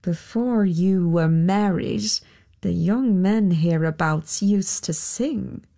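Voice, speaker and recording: A woman voicing a sly, smooth-talking soldier who wheedles and flatters. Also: on the low side, slow. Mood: wheedling.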